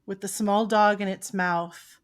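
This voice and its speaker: A woman narrates as game master of a tabletop game podcast. She takes her time, letting each moment of the scene settle, and acts out small sound effects as she goes. Her voice sits in an ordinary middle pitch. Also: steady tone, a little slow.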